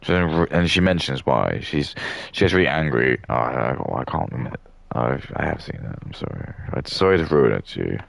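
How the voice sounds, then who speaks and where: A man's voice: very deep voice, animated, brisk, gravelly, no room sound. A man in his thirties rambling and ranting in a casual stream while building models, swearing freely. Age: 30s.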